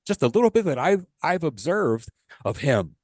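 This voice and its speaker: Podcast co-host, male, animated pitch, dry close recording, thoughtful hedging talk. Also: normal speed, no echo. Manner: thoughtful, hedging with you know and like. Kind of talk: casual chat.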